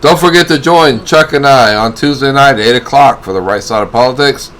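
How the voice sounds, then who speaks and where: A man co-hosting a live stream, wrapping up the show in a halting way with many fillers. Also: medium pitch, fairly bright tone, slight background noise. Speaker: co-host. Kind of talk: show sign-off.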